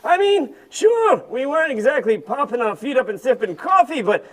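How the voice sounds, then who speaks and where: A man's voice: very high-pitched, very animated, moderate pace, full character voice. A man voicing a grumbling old male camel who kvetches in folksy old-timer talk in a church kids' skit. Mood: complaining.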